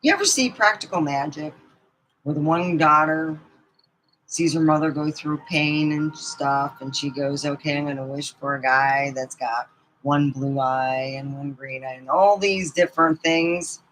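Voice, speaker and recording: A woman's voice: low voice, unhurried, fairly bright tone, poor audio. A middle-aged woman telling rambling personal stories in a casual vlog, laughing often as she goes. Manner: rambling, chatty, laughs often mid-story. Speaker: vlogger.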